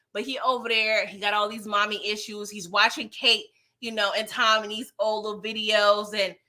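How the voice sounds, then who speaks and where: A bright-voiced woman recaps a TV show in loose, slangy chat. She is sassy and animated and swears freely, and her voice sits a little high. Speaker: show reviewer. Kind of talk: casual recap commentary.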